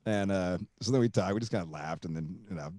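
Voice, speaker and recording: A man with a lowish voice hosting a podcast, spinning a long story in loose, rambling talk. He swears freely and circles back with fillers and restarts. The sound is close and dry, with no room around it. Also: fast, mellow, no room sound. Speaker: podcast host. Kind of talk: casual storytelling.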